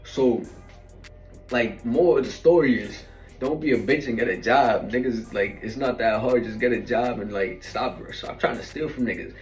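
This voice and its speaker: A man's voice: medium pitch, moderate pace, darkish tone. A man casually telling stories in a slangy, rambling way, full of fillers and asides. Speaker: storyteller. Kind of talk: casual storytelling. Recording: roomy echo from a distant mic, faint music.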